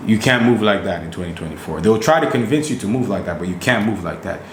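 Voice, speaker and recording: Male podcast co-host, low and emphatic, roomy echoey room. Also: quick pace, a little hiss or hum. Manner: emphatic, preachy. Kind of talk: casual podcast chat.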